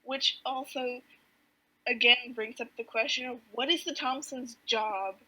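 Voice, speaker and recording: A woman's voice: on the high side, fairly even intonation, measured pace, bright, forceful tone, slightly rough, low-quality recording. A woman co-hosting a podcast, chatting casually and giggling while she acts out comic characters' lines. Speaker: podcast co-host. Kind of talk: casual chat recapping a comic.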